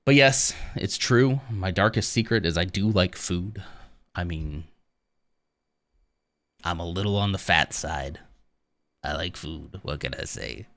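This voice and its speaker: A man's voice: low voice, unhurried, long pauses, a bit bright. A man streaming live, chatting casually with his viewers, rambling and joking at his own expense, often laughing.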